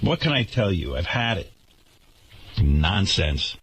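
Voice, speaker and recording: Radio host, male, sarcastic indignant rant, husky and bright tone, lively pitch. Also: moderate pace. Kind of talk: radio talk show rant.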